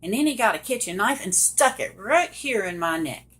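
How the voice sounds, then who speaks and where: A woman's voice: medium pitch, expressive, moderate pace, fairly bright tone. A middle-aged woman telling a personal story straight to the viewers, emphatic and direct. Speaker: survivor telling her story.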